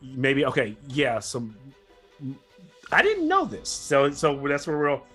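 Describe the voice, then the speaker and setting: A man's voice: medium pitch, huge pitch swings, unhurried, fairly bright tone, breathy edge, faint music behind. Man, game master, casual, rambling, self-correcting. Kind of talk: narrating a tabletop game.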